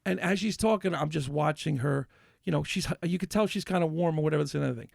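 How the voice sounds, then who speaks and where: Worked up guy ranting on a podcast, kinda high voice, gravelly. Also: fast, dry recording, clean studio sound. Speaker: podcast co-host. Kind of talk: heated casual chat.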